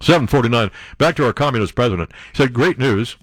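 Man, talk radio host, sarcastic, rambling, lively up-and-down voice, dry studio sound. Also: mid-range voice, rapid-fire, no echo. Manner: sarcastic, rambling, laughs at own jokes.

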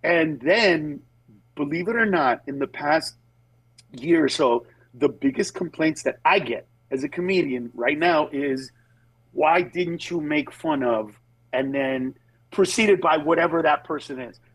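A man's voice, higher than most and a little husky, tells stories on a radio call-in. He jumps into other people's voices and stumbles through restarts. The sound is close and dry. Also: a little slow, dry recording, low-quality recording. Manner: animated storytelling, acts out voices, many restarts. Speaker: comedian guest. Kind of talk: phone-in radio interview. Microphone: phone or Bluetooth line.

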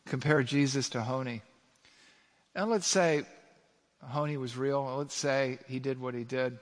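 A man's voice: medium pitch, fairly even intonation, measured pace, big-room sound. A male pastor preaching a sermon, emphatic, with rhetorical questions to his congregation.

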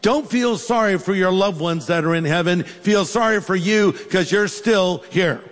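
A man's voice: high voice, a little slow, big-room sound. A man preaching a sermon as pastor, telling stories with humorous asides.

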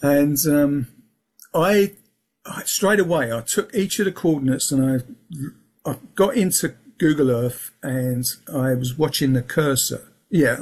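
Gravelly, husky man rambling in casual talk. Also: on the high side. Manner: rambling, restarts often, fills with um and yeah. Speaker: guest. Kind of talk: casual interview chat. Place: lives in England.

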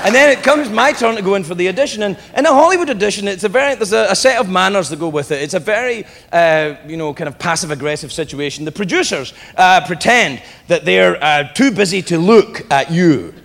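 A man's voice: sits high, expressive, fairly quick, creaky, hardly any pauses, a bit bright, in a large hall. A man from Britain telling self-deprecating, profane stories in a stand-up comedy routine, with audience noise in the background. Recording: live audience and venue noise.

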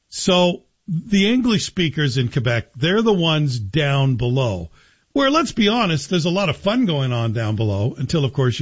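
A man hosting a talk radio show, delivering a sarcastic, joking monologue in a husky voice. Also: on the high side, lo-fi sound.

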